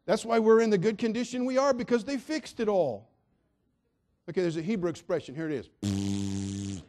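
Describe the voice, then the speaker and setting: A man's voice: high-pitched, expressive, moderate pace. A man preaching a sermon, addressing his listeners directly and acting out the people in his story. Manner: dramatic, swings from quiet asides to shouts; acts out quoted voices, addresses listeners directly.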